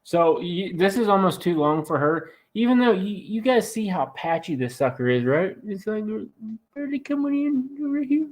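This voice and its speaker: Raspy man teasing on a live stream. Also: high voice, big pitch swings, moderate pace, darkish tone. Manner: joking, teasing, rambling with restarts. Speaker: host of a farm channel live stream. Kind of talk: casual live-stream chat.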